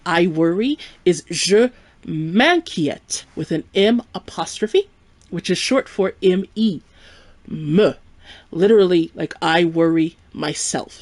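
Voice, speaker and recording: A woman's voice: on the low side, dry recording. Patient woman teaching French, dry close sound. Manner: clear, patient explaining, slows to model French words. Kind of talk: live-streamed language lesson.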